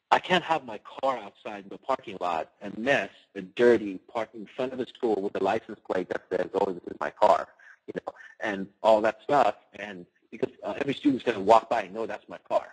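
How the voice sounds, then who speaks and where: A man's voice: on the low side, husky, rough recording. A man who runs a martial arts studio gives a casual webinar talk on running a business, telling personal stories in a loose, conversational way full of "you know".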